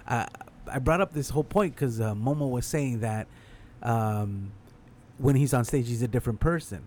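A male comedian with a mid-pitched voice who rambles through his point. His talk is casual, profane and full of restarts. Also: normal speed, a little mellow, slight background noise. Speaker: stand-up comedian. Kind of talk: casual podcast chat.

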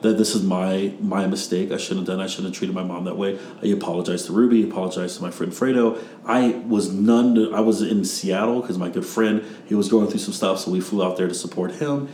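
Low-voiced man, rambling storyteller. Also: steady tone, a little fast, hardly any pauses, mellow, roomy sound, a little hiss or hum. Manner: rambling storyteller, acts out quotes. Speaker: podcast host. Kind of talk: casual podcast chat.

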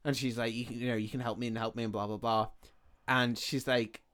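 Chatting loosely about a movie, this man retells its story and voices the characters himself. His medium-pitched voice is a bit bright, fairly flat in melody, and a little quick.

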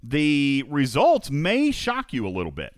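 A man hosting a live gaming podcast, energetic and emphatic, often repeating phrases for effect and talking directly to his co-host and listeners. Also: on the high side, a little slow, dry recording, clean studio sound.

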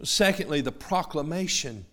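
A middle-aged male pastor preaching a sermon, emphatic, moving between loud urgency and hushed lines. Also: on the high side, lively intonation, normal speed.

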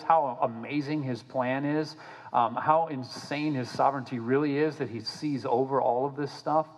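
A male pastor preaching in a lively, casual way, often stumbling over repeated words as he restarts a phrase. His voice sits at an ordinary middle pitch, and a long reverb trails after each phrase in the big room. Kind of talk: sermon.

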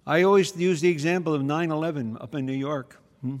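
A man giving a conversational teaching homily, often pausing to check in with his listeners. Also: on the high side. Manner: conversational, checks in with the audience by asking "okay?" and "hmm?". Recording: reverberant hall.

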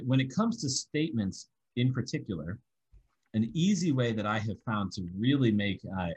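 A man's voice: on the low side, breathy edge, lo-fi sound. A man teaching a Bible study method, explaining step by step and working through examples.

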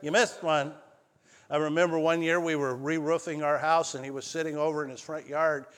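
Male pastor, sermon storytelling, fairly high voice, long hall reverb, loud-to-hushed swings. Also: level tone, brisk. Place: church sanctuary.

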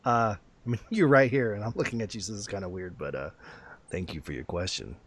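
A man's voice: fairly low pitch, fast talker, a little hiss or hum. A male podcast host talking casually in an upbeat, rambling way with plenty of fillers.

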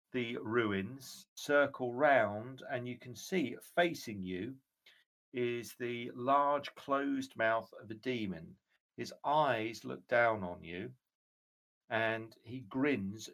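A man narrating as game master at a mid pitch. He describes each scene in a measured, descriptive way and pauses on fillers now and then. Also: a bit bright.

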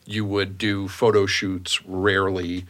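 A man's voice: low voice, little pitch movement, fairly bright tone. A middle-aged man with a Boston accent hosting a podcast in a playful, chatty way. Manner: chatty, playful, quick to laugh. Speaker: podcast host. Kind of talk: casual interview chat.

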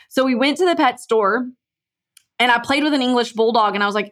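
A woman with a fairly high voice tells a story on a podcast. She is chatty and animated, and she slips into quoted back-and-forth as she talks. It is casual guest talk. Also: fast. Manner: chatty, acts out quoted dialogue.

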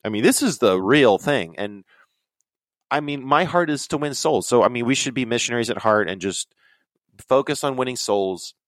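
Young male podcast guest, rambling excitable storyteller, mid-range voice, dry close recording. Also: moderate pace, no echo. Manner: rambling, excitable, voice jumps high when quoting himself. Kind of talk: casual storytelling chat.

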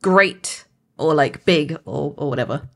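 A woman's voice: deep voice, a little slow, gravelly, a bit bright. A woman from England with a Somerset accent, co-hosting a podcast in casual chat and laughing often. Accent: Somerset English. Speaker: podcast co-host.

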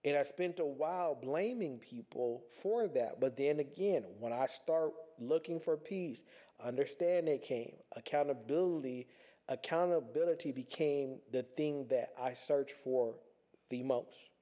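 A man's voice: mid-range voice, unhurried, mellow. A man talking earnestly in a reflective personal monologue, conversational and repeating himself as he works through his thoughts.

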